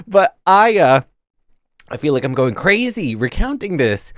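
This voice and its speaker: A film reviewer recapping a movie in a casual, exasperated, animated way with many fillers. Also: medium pitch, a little slow, no room sound, clean studio sound.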